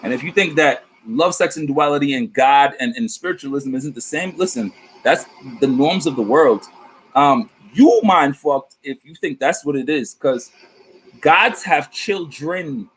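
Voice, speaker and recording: A man reads tarot for his vlog, rambling animatedly about spirit guides with casual slang and swearing. He has a medium-pitched voice with a breathy edge, keeps a moderate pace, and the recording quality is low.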